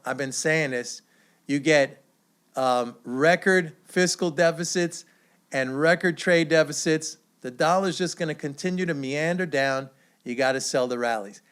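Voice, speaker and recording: A man's voice: on the high side, unhurried, a bit bright, clean tone. A man hosting his own economics commentary video, talking in a confident, emphatic, lecturing way. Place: away from usual studio.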